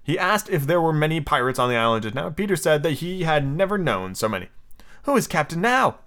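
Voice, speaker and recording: Guy reading a kids' novel on his podcast, kinda high voice, bouncy pitch, stops to say page numbers. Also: fast. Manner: lively reading with slips, asides and page numbers. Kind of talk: casual storybook read-aloud.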